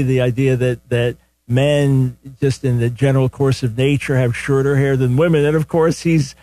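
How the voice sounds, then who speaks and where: Older man, call-in radio host, mid-pitched, earnest, restarts his sentences, dry booth mic. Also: mellow, no room sound. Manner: earnest, conversational, repeats words when starting sentences. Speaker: radio talk show host. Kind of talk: call-in radio Bible teaching. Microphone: studio microphone.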